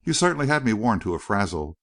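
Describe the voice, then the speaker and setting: Storybook role: poised young society woman, read by a man, pitched a bit higher than his own, animated. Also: quick pace.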